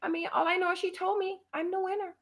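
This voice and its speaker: A woman putting on a high, airy voice to mock a gloating woman contest winner. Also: flat delivery, fast, a bit bright. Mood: mock innocent.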